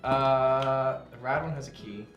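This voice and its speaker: A man's voice: mid-range voice, steady tone, measured pace, a bit bright. A young man co-hosting a game stream, chatting casually and giving rambling, wry opinions. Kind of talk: casual chat while gaming. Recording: roomy sound with game music behind.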